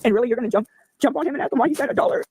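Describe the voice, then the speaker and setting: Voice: sits high, rapid-fire, darkish tone, husky, dry recording, low-quality recording. A livestreamer talking to their chat, angry and profane, snapping at comments while asking for donations. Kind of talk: live stream talk to chat.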